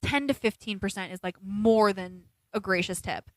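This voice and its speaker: A woman co-hosting a casual podcast, telling stories in an animated way and quoting people as she goes. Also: mid-range voice, normal speed, dry recording. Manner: animated storytelling, quotes people in put-on voices. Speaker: podcast co-host. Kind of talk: casual chat on a livestreamed podcast.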